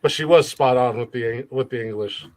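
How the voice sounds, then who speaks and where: A man's voice: mid-range voice, moderate pace, darkish tone, a little hiss or hum. A man hosting a podcast in casual chat, joking, rambling and swearing a lot. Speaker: podcast host.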